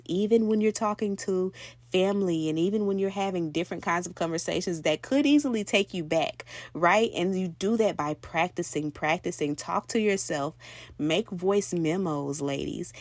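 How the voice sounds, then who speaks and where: Young woman voice coach, lowish voice, talks to the ladies, dry sound. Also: dry recording. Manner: chatty, keeps asking "right, ladies?". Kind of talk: talking-head tips video.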